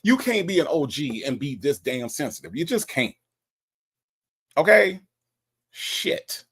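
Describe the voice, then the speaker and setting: A man's voice: fairly high pitch, measured pace, breathy edge. A man hosting a show, teasing and ribbing a caller in casual commentary. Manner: teasing, repetitive, animated. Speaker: show host. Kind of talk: casual commentary on a call recording.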